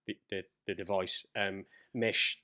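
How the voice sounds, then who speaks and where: A man's voice: sits low, a little slow. A man co-hosting a podcast, telling stories in casual chat, swearing and acting out the people he quotes. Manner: animated storyteller, swearing, acts out quoted voices. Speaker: podcast co-host.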